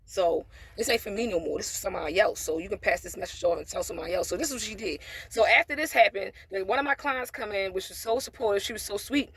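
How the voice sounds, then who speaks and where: A woman talking straight to camera in a loose storytime monologue, blunt and candid, with swearing and little sermons about faith mixed in. Her voice sits at an ordinary middle pitch. The sound is dry and close, with no room around it. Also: quick pace, hardly any pauses, a bit bright, slightly rough, dry recording. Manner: preachy asides about faith. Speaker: storytime vlogger.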